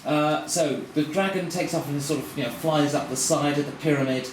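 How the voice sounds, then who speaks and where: A man with a higher-pitched voice runs a tabletop game live as game master, narrating the action and explaining the rules with plenty of fillers, at a moderate pace in a steady tone. The recording is noisy and echoey, made far from the mic.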